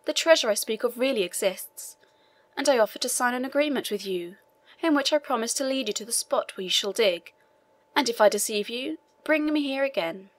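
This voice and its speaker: A woman's voice: fairly high pitch, lively intonation, a little fast, no room sound, lightly acted. A woman voicing an imprisoned old male priest who earnestly insists on his hidden treasure and begs for his freedom. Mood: pleading.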